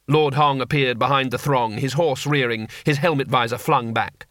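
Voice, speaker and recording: A man narrating an audiobook with expressive storytelling. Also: mid-range voice, normal speed, few pauses, no room sound, studio quality. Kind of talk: scripted narration.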